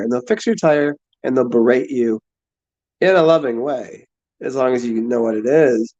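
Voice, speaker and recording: A man talks loosely to his audience, circling back and repeating himself as he feels for the words. His voice sits at an ordinary pitch. The recording sounds slightly dull and lo-fi. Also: warm tone. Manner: halting, repeats words and restarts, laughs and swears. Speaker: streamer answering chat. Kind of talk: casual rambling chat.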